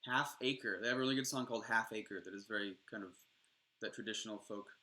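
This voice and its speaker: A man's voice: on the low side, quick pace, pushed and bright. A young adult man streaming, rambling casually and enthusiastically with frequent swearing.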